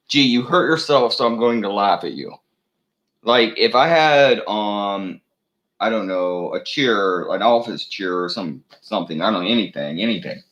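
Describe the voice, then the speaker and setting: Deep-voiced guy doing a sweary rambling rant, lots of ums and restarts. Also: fairly bright tone, rough recording. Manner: profane, meandering, many fillers and restarts. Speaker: channel host.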